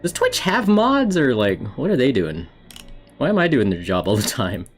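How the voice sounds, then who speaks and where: A man's voice: mid-range voice, very animated, moderate pace. A man streaming a horror game, chatting in a casual, rambling way to himself and his viewers and laughing often. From United States. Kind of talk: casual gameplay commentary.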